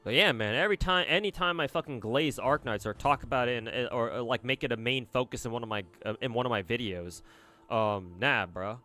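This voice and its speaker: A man's voice: mid-range voice, fairly quick, bright, forceful tone. A young man streaming games, rambling casually, swearing and answering chat messages. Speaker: gacha game streamer.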